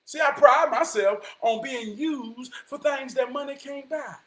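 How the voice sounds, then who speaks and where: A man delivering an impassioned motivational monologue, preaching his point and often rising to a shout. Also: extremely high pitch, measured pace. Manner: preachy, repeats "I promise you", rises to shouting. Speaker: vlogger giving life advice.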